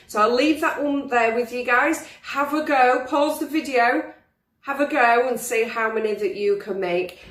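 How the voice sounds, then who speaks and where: A woman's voice: fairly high pitch, fairly bright tone, recorded from a distance. A young woman teaching a drama lesson to pupils on video, encouraging them and demonstrating different voices. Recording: roomy, from the mic.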